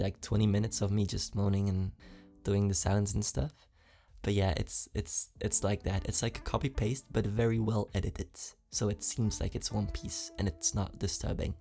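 A man with a slight foreign accent answers fan questions in a relaxed, giggly way, full of ums and likes. His voice sits low and mellow with a gravelly fry, and faint music plays behind him. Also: moderate pace. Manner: chatty and giggly, many fillers. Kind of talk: casual Q&A.

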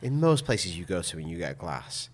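A man's voice: low-pitched, very animated, brisk. A man, co-hosting a casual podcast chat with dry joking asides. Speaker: podcast co-host.

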